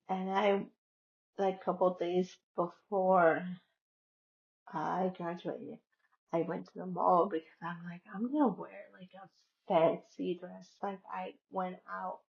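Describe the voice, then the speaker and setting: Slow-talking woman with a gravelly voice. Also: fairly low pitch, highs cut off. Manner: chatty, retells conversations with many "I'm like" quotes. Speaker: vlogger. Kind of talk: casual personal storytelling.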